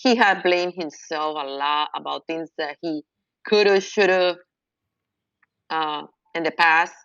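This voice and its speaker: A woman guest on an interview show, answering in a hesitant way with many pauses. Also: low voice, a bit bright, dry recording, highs cut off. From United States. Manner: hesitant, many fillers and restarts.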